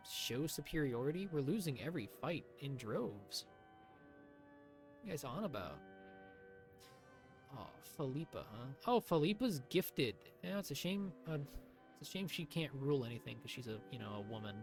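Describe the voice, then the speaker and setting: Male streamer, live gameplay commentary, sarcastic, mid pitch, light music under. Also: sing-song, normal speed. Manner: sarcastic, swings from mutters to shouts.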